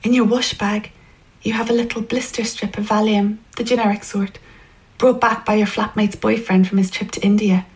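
A woman narrating a story in the second person, in a hushed, intimate way that often sinks toward a whisper. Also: medium pitch, flat delivery, normal speed, poor audio.

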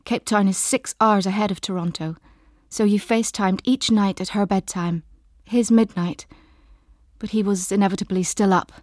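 Slow, intimate woman narrating an audiobook. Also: mid-range voice, no echo, studio quality. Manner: slow, measured, intimate and soft.

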